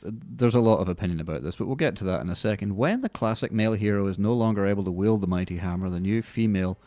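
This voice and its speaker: A man's voice: lowish voice, fast talker, warm tone, no echo. A man hosting a movie podcast, reading news with dry, mocking asides. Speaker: podcast host. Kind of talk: casual comedic movie news chat.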